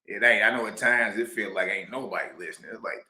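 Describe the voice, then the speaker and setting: A man hosting a reaction video, talking loudly and excitedly, laughing often and dropping preacher-style asides. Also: lowish voice, fast talker, roomy sound. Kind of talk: animated commentary reacting to a clip.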